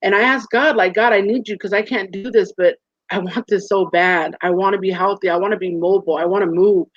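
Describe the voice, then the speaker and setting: A woman in her forties, a guest in a casual interview, telling stories with lively acted-out quotes over a video call. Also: medium pitch, a little fast, no room sound. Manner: animated storyteller, acts out quoted voices. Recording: muffled dry call audio.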